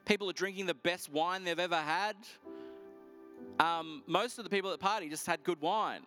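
Male pastor, middle-aged, fairly high voice, faint music under him. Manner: lively, animated storytelling with quick asides. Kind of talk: storytelling sermon.

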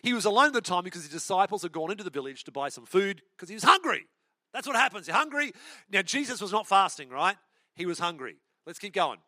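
A man preaches in a lively, talkative way, drifting into asides as he tells the story. His voice sits high and sounds bright and forward. It is recorded close and dry. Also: quick pace, no room sound. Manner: animated, chatty storytelling with asides. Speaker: pastor. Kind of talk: sermon.

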